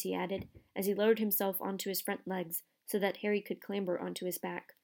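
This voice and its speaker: Gravelly-voiced woman narrating a storybook. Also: mid-range voice, level tone, fairly quick, few pauses, darkish tone. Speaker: audiobook narrator.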